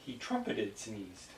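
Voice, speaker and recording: A woman playing a pretend game with a small child, coaxing and patient in a playful way. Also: rumbling low. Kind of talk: home video play with a toddler. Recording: roomy home video, distant mic, noisy.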